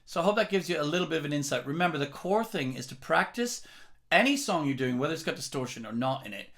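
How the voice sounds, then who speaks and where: A man's voice: fairly high pitch, animated, fast talker, a bit bright. A man teaching rock singing, explaining technique in a careful, step-by-step way. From England. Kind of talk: vocal lesson.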